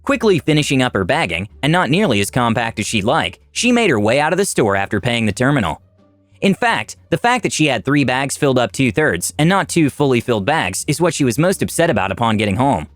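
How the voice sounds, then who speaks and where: A man narrating reddit stories aloud in a wry, expressive scripted reading. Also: medium pitch, brisk, no echo. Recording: dry voice-over with faint music.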